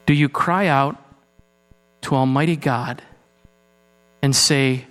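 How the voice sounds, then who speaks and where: A man preaching a sermon in a church, earnest, moving between raised urgency and low, hushed passages. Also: takes it slowly, long pauses. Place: church sanctuary. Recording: long hall reverb with mains hum.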